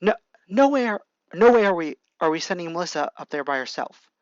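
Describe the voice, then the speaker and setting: A reader voicing a determined teenage boy hero in a raised, forceful voice, reading amateur fan fiction. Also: mid-range voice, expressive, a little fast, no room sound, dull audio, lightly acted.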